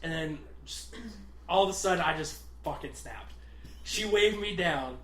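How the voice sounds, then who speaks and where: A young man co-hosting a casual podcast, telling an anecdote with plenty of swearing and his own laughter. His voice sits a bit high and sounds bright. It is recorded in a roomy space with clear echo. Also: lively intonation, a little slow, a little hiss or hum. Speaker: podcast co-host. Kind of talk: casual storytelling chat.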